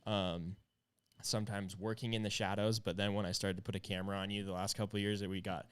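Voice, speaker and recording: A man's voice: fairly low pitch, level tone, quick pace, clean tone. A man hosting a casual livestream chat, upbeat and chatty with plenty of fillers. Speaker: livestream host.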